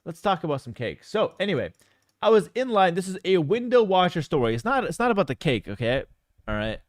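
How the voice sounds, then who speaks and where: A man with a lively, bouncing voice casts a strategy game tournament and chats casually between plays. He sits slightly high for a man, dry and close to the mic. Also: brisk, no room sound. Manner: animated, talkative, many fillers and asides. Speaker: game caster and streamer. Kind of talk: casual storytelling and esports commentary.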